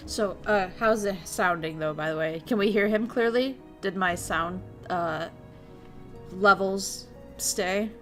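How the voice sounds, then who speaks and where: Woman streamer reading a game out loud, swears a ton, keeps giggling, faint game music behind. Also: medium pitch, slow pace. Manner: crude, excitable, laughs and swears often. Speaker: VTuber streamer. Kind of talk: casual game stream, reading a visual novel aloud.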